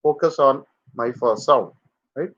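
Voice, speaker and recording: A man teaching English pronunciation in a live online lesson, drilling words slowly for students to repeat. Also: medium pitch, a bit bright, lo-fi sound.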